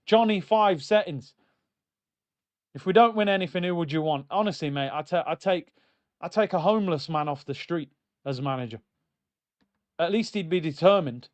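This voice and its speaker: A man's voice: on the high side, lively intonation, moderate pace, pauses often, dull audio. A man hosting a live football watchalong, ranting in exasperation and reading out chat messages. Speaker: host of a football watchalong stream.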